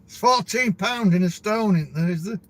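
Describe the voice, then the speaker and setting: A man's voice: sits high, normal speed, a little hiss or hum. A middle-aged man with a Yorkshire accent, a truck driver talking casually to camera in a rambling, chatty way. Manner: rambling, chatty, laughs between stories.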